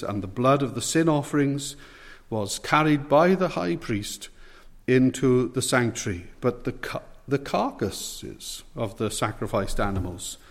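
Earnest male preacher in reverberant church. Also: mid-range voice. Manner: earnest, measured, rhetorical questions. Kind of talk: expository sermon.

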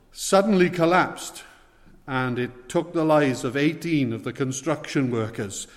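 A man preaching a sermon, earnest and pleading, with slow emphatic stresses. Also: mid-range voice. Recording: long hall reverb.

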